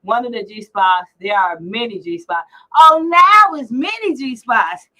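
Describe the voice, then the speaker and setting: A woman's voice: fairly high pitch, lively intonation, measured pace, sharp tone, rough recording. A middle-aged woman hosting a casual livestream chat, teasing and brash as she reads out comments. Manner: brash, teasing, salty language. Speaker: livestream host.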